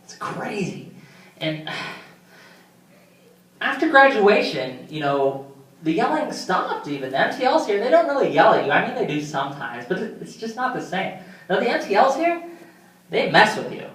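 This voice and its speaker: A man's voice: sits high, very animated, a little slow, fairly bright tone. Young man telling rambling comic stories. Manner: rambling, self-deprecating, many fillers. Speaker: stand-up comedian. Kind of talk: stand-up comedy storytelling. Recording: roomy hall, mic from far off.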